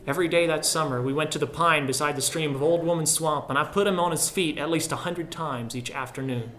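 A man reads a literary story aloud in a somewhat higher-pitched voice. His delivery is measured and reflective, and he turns softer on the solemn passages. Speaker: audiobook narrator.

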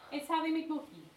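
Woman teaching chants in an echoey room. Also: high voice. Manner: chanting rhythmic phrases and motions. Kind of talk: teaching a workshop. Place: classroom with participants. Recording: echoey room, mic from far off, loud noise.

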